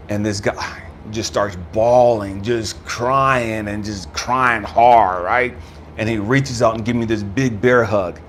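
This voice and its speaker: A man's voice: on the low side, moderate pace, slight background noise. A man hosting his channel, telling an emotional personal story in an informal, slangy way and addressing listeners as family. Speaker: channel host, spiritual speaker.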